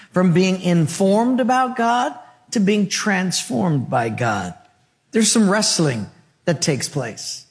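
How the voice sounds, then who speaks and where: High-voiced preacher with rhyming phrases. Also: male voice, long reverb tail. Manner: rhythmic, rhyming phrases, asks the congregation questions. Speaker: pastor. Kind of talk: sermon.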